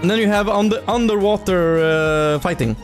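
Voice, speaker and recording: A young man chats casually on a live stream, rambling and animated with playful swearing. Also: sits high, normal speed. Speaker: indie game developer streaming. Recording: faint music in background.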